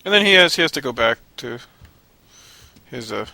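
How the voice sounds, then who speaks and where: A man's voice: mid-range voice, lively intonation, normal speed, sharp tone. A man giving casual, sarcastic let's play commentary, loosely paraphrasing the game's dialogue with lots of swearing. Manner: tired and cranky.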